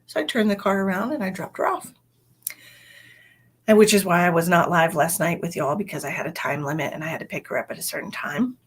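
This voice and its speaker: Husky-voiced woman in her 40s, chatty livestream storytelling, lots of "you know". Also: on the low side, brisk. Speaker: psychic medium.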